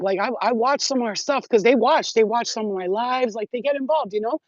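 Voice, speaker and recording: A woman talking as a spiritual healer in a rambling, animated and profane livestream monologue. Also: on the high side, fairly quick, hardly any pauses, dry recording, dull audio.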